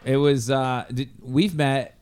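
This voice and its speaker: A middle-aged man in casual chat, telling rambling, relaxed anecdotes. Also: mid-range voice, slow pace.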